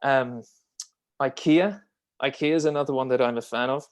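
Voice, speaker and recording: A man's voice: mid-range voice, normal speed. A man being interviewed as a copywriter and marketing strategist, talking casually and enthusiastically with frequent fillers and restarts.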